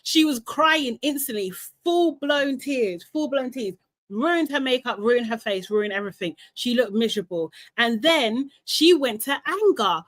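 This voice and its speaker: Lively woman dishing reality-show gossip. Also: fairly high pitch, a little slow, no room sound. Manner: animated and opinionated, mimics people in quotes, laughs often. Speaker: host recapping a reality show. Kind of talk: casual live recap chat.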